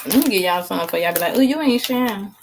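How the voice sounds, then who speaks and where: A woman's voice: mid-range voice, animated, rapid-fire, background noise. A tired woman chatting casually with viewers on a live stream, eating snacks as she talks and calling them girl and sis. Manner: eating snacks while talking. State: tired after work.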